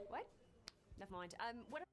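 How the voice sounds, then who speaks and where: A woman's voice: on the high side, very animated, unhurried, very noisy. A woman performing a comedy sketch with teasing, mock-exasperated back-and-forth banter.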